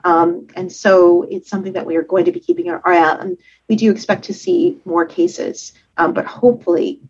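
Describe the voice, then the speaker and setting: A woman doctor explaining things in a measured way, with a husky voice and many fillers. She is heard over a dull, lo-fi remote line. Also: fairly low pitch, steady tone, a little mellow. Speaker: infectious disease physician. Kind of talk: expert guest on radio.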